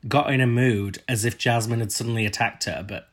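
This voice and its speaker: A man's voice: mid-range voice, steady tone, a little fast, a bit bright. A man co-hosting a casual podcast chat, giving blunt, opinionated takes and swearing freely. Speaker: podcast co-host. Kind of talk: casual chat reviewing a TV show.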